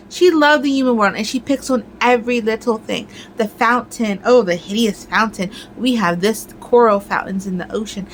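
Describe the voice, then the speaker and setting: A woman's voice: a little high, a bit bright, a little hiss or hum, poor audio. A woman crafting vlogger in casual chat, ranting with lots of fillers.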